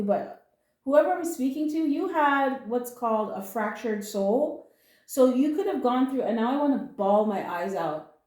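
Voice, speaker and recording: A woman's voice: fairly high pitch, mellow. Emotional, earnest woman tarot reader in an echoey room. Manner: emotional, earnest and comforting, with blunt slang. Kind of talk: casual spoken tarot reading.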